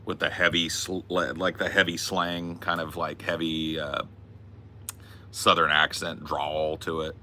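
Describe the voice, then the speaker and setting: A man's voice: very deep voice, flat delivery, a little slow, bright, forceful tone, slight background noise. A young man live-streaming outdoors, chatting loosely with his chat in a rambling, offhand way. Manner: loose, rambling, sprinkled with laughs and filler. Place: outdoors in hot weather.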